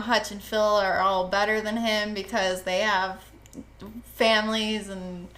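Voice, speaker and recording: A woman's voice: mid-range voice, pushed and bright. A woman co-hosting a podcast, casually retelling a book's plot with emphatic phrasing and frequent swearing. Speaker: podcast co-host.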